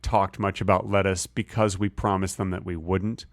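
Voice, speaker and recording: A man co-hosting a comedy podcast, bantering in a deadpan, absurd way and acting out little voices in his stories. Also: deep voice, normal speed, dry recording, studio quality. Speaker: podcast co-host.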